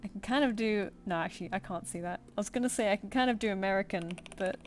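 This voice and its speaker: A fast-talking woman with a mid-range voice chats with viewers while drawing live, responding to their comments and thinking aloud. A little hiss or hum runs under the recording.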